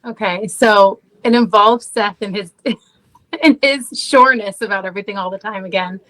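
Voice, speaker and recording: A woman's voice: medium pitch, moderate pace, fairly bright tone, low-quality recording. A woman in her thirties, a podcast guest, telling a story in casual conversation, saying "like" often and laughing at herself.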